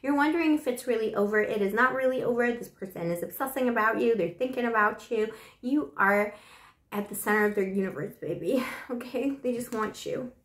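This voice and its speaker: A woman reading tarot in a casual, flirty, teasing way, full of pet names, with her voice still rough from the flu. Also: on the high side, a little fast, roomy sound. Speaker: tarot reader.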